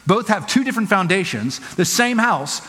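A man preaching as a pastor, conversational and playful, quickly acting out little quoted voices. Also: high voice, sing-song, a bit bright, long reverb tail, faint music behind. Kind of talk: sermon. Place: church auditorium.

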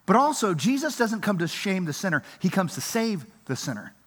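A man's voice: high-pitched, very animated, brisk, fairly bright tone, big-room sound. A man pastor preaching a sermon in a church, earnest and emphatic, asking the congregation rhetorical questions.

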